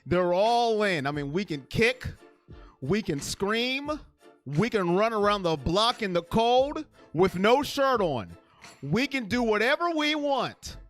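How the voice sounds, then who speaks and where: A live-stream sports host in casual chat, reading out viewer comments. The voice swoops widely in pitch, teasing in exaggerated high repeats and hyping the audience with repeated phrases. Faint music plays underneath. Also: very animated, takes it slowly.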